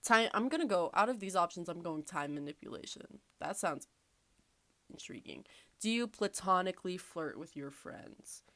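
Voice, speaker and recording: A woman's voice: fairly low pitch, expressive, normal speed, fairly bright tone, dry recording. Wry, swearing woman reading a quiz. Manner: sarcastic, swears freely, laughs often. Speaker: podcast host. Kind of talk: casual chat, reading quiz questions aloud.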